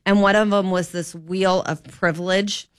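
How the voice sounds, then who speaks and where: A woman hosting an opinion talk radio show as a fill-in, talking in an animated, opinionated and rambling way into a studio microphone. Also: fairly low pitch, moderate pace, smooth, no room sound.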